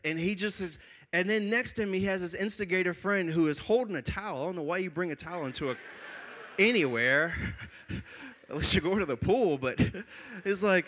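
Young guy preaching, animated storyteller, laughs a lot, kinda high voice, tells a story then reads scripture. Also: normal speed. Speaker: pastor. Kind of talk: sermon with personal storytelling.

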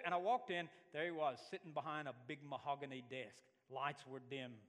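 A man's voice: on the high side, quick pace, big-room sound. A man from Alabama, preaching a sermon and telling stories with acted-out voices. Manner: animated storytelling, acts out voices. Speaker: pastor.

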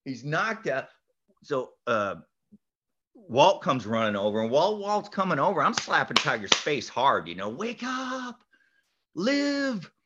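A man spins an animated story as a podcast guest, his pitch leaping around as he acts out each voice and shouts the big moments. His voice is bright and ringing, though the recording sounds dull and lo-fi. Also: normal speed. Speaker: podcast guest, golf instructor.

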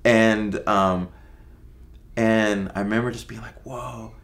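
Man in his fifties with a deep, gravelly voice. He is a laid-back interview guest who tells stories loosely and hushes his voice for quoted asides. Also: steady tone, slow. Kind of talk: casual storytelling interview.

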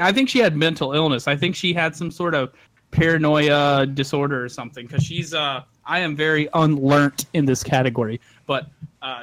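A young man with a fairly high voice tells a long story in a loose, rambling way among friends. He swears freely and acts out the lines of the people in it. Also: fairly bright tone, no echo, poor audio. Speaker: podcast co-host telling a story. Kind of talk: casual storytelling chat.

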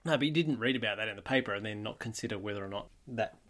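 A book club podcast co-host speaking in casual chat, lively and teasing. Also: medium pitch, very fast.

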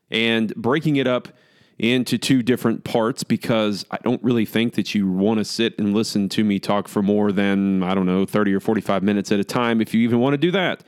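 A man with a slight lisp hosts a solo podcast, speaking casually in a rambling, self-deprecating way. His voice is smooth and clear, recorded dry and close with no room sound. He talks. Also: fairly low pitch, dry recording. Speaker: podcast host.

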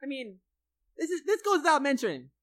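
Very high-voiced brash woman co-host. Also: very animated, fairly quick. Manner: brash boastful banter, over-the-top. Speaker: podcast co-host. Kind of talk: mock trash-talk comedy podcast.

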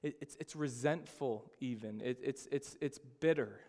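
A man's voice: medium pitch, normal speed, few pauses, darkish tone. A man preaching a sermon, reading scripture with earnest drama and acting out frightened voices. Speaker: pastor. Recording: long hall reverb.

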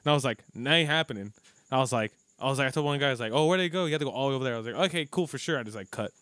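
Fast-talking profane man telling stories. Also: medium pitch, fairly bright tone, clear, resonant tone, dry recording. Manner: profane, rambling storyteller, acts out quotes. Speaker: podcast co-host. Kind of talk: casual chat.

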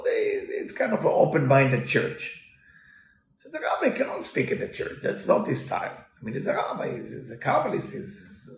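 A man teaches a Torah lesson through a story, in animated, broken English peppered with Hebrew quotes. His voice is gravelly, with lively pitch swings. The room gives a noticeable echo. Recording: roomy echo.

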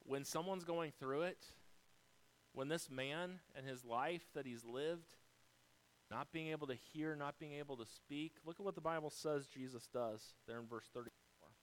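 A man's voice: fairly high pitch, moderate pace, rough recording. An American pastor delivering a sermon to his congregation, moving through numbered points and speaking directly to his listeners. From United States. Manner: dynamic preaching, rising loud then dropping soft.

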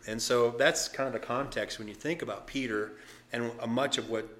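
A male pastor preaching a sermon, telling the story lively and casually, with asides to the congregation. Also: mid-range voice, normal speed. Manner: animated storytelling with acted voices and asides.

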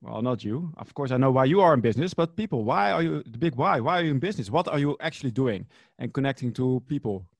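A man hosting a casual interview chat, loose and halting with many fillers. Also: mid-range voice, lively intonation, creaky, no echo. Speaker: podcast host.

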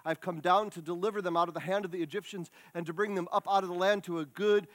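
Voice of God, a man doing it, low and hushed, measured, commanding, dry close sound. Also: fairly even intonation, no echo, close to an everyday voice. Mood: reverent. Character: solemn voice of God, male, calm and commanding.

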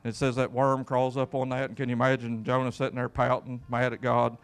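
A man's voice: medium pitch, monotone, a little fast, clear, resonant tone, soft background music. A man preaching a sermon as pastor, folksy and emphatic, with repeated words and call-outs to the congregation. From Kentucky.

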